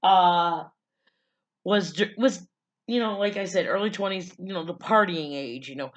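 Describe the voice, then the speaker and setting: A woman's voice: lowish voice, a little slow, fairly bright tone, dull audio. A woman vlogger telling her life story in a loose, casual way, blunt and profane, with lots of fillers.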